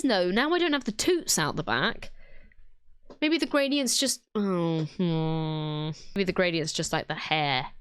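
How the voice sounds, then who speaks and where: A woman's voice: fairly high pitch, clear, resonant tone, no room sound, studio quality. A young British woman at home giving casual, self-mocking commentary while she draws, thinking aloud and giggling. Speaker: drawing video creator.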